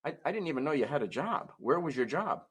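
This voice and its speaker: Husky-voiced male ventriloquist. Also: fairly high pitch, very animated, fast talker. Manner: patient, explains to children. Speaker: musical ventriloquist. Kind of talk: ventriloquist show patter.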